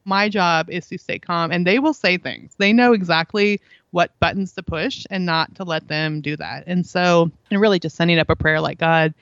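A woman's voice: on the low side, moderate pace, few pauses, fairly bright tone, no room sound, muffled recording. Middle-aged woman telling earnest parenting stories. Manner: earnest storytelling, acts out quoted lines, laughs often. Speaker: guest, parenting author. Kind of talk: conversational interview.

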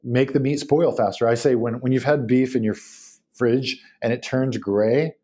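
A man's voice: mid-range voice, fairly even intonation, moderate pace, a little mellow. A man, talking casually as a guest about beef, telling stories with many fillers and restarts. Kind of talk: casual podcast conversation.

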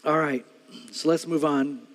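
A middle-aged man preaching a sermon as pastor, telling stories with loud bursts and quiet earnest stretches. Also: on the high side, steady tone, measured pace, big-room sound.

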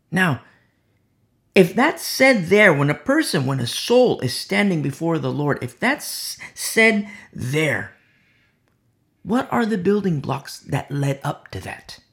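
A man's voice: on the high side, vocal fry. A man preaching a sermon, emphatic and repetitive, asking rhetorical questions.

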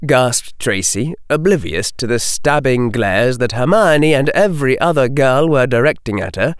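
Expressive male audiobook narrator. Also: medium pitch, moderate pace, clear, resonant tone, dry recording, clean studio sound. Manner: expressive, performed reading.

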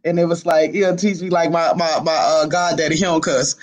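Casual male interviewee, high-pitched man, animated storyteller, from Miami. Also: fairly quick. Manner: animated storyteller, laughs often. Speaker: youth football coach.

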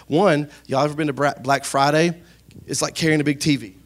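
Male pastor, sermon voice, handheld mic; lively, joking, keeps calling out to the room. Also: on the high side, fairly quick. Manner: animated, playful, calls out to the congregation. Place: church sanctuary. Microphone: handheld microphone.

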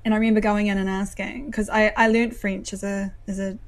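A woman's voice: mid-range voice, flat delivery, a little fast. A young woman with a New Zealand accent chats easily, her voice sitting in a middle register. She drifts through stories with plenty of ums and restarts and laughs often. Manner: chatty, laughs often, many fillers and restarts. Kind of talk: casual chat.

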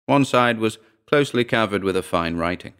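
A man narrates a short story in a steady, measured reading. His voice sits very low and comes across smooth and resonant.

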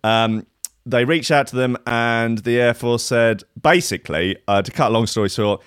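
A man's voice: mid-range voice, moderate pace, a bit bright, clear, resonant tone, no room sound, clean studio sound. Irreverent rambling male radio host. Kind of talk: casual live radio chat.

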